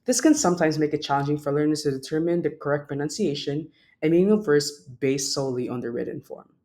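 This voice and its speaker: A man's voice: fairly high pitch, quick pace, a little mellow. A young man, a student presenter, reading a prepared class presentation and stopping to sound out example words. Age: young adult.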